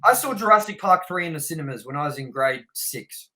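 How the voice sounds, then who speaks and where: A young man trades opinions on a film with a co-host, reading trivia aloud in a blunt, animated way. His voice sits a little high and sounds bright. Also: brisk, poor audio. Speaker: podcast co-host. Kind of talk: casual film review chat.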